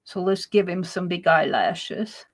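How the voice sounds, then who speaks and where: A woman hosting a casual craft livestream, chatting and laughing at her own drawing as she works, sometimes dropping to a soft murmur. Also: on the low side, fairly even intonation, measured pace, poor audio.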